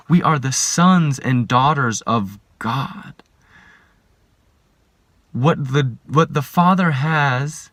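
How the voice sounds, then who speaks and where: A man, a life coach, giving a reflective spiritual talk, earnest and measured, asking rhetorical questions and sometimes dropping to a hushed whisper. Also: medium pitch, no room sound.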